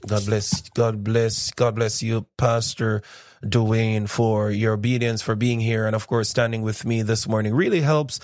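A man's voice: fairly low pitch, fairly even intonation, unhurried, darkish tone, dry recording, clean studio sound. A man hosting a morning radio devotional, talking in a loose, rambling, preacher-like way. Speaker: radio host and minister.

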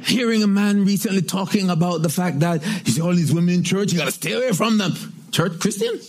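High-voiced man preaching a fervent sermon. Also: expressive, a little fast, soft background music. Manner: emphatic preaching with repeated refrains and shouted exclamations. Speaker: pastor.

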